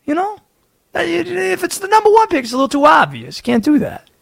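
A man's voice: very high voice, wildly swooping pitch, creaky, fairly bright tone, no echo, voice pushed up, heavily acted. A sports talk host voicing a scheming male conspiracy-theorist persona with a put-on Southern accent, sly and insinuating. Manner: sly, insinuating, rapid asides. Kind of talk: sports talk radio bit.

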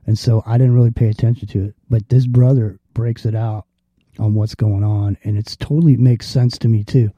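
Profane, rambling talk radio host. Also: male voice, on the low side, fairly even intonation, warm tone, no room sound, highs cut off. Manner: profane, rambling, acts out confrontations in quick quoted voices. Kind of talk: casual talk radio rant.

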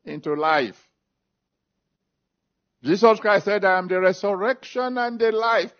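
A man's voice: high-pitched, a little slow, long pauses. A man preaching a sermon, stressing and repeating scripture references, then leading an altar call and prayer. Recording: dull lo-fi recording.

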